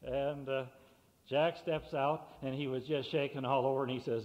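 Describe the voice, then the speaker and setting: A man at a public meeting introducing a speaker with a folksy joke, halting with many filler sounds. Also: medium pitch, steady tone, a little mellow, a little hiss or hum. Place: meeting hall. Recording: lo-fi cassette with hall reverb.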